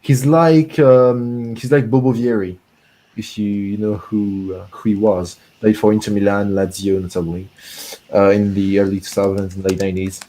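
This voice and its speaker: A man's voice: fairly low pitch, little pitch movement, moderate pace, dark tone, rough recording. A man chatting casually about football as a guest on a call-in podcast, rambling with many fillers and restarts. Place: home room mid-move.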